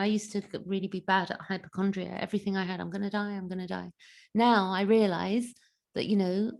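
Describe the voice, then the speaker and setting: A woman coach talks through advice in a casual, reassuring way, with a gravelly edge to her voice. Her pitch sits in an ordinary middle range, and she often stops mid-phrase to restart with "you know". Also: a little mellow. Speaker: mentor and coach.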